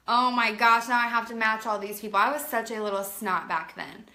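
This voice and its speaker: A woman in her late twenties telling a personal story to camera in a chatty, animated way, with plenty of "like". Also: medium pitch, moderate pace. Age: late 20s. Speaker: vlogger. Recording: roomy echo.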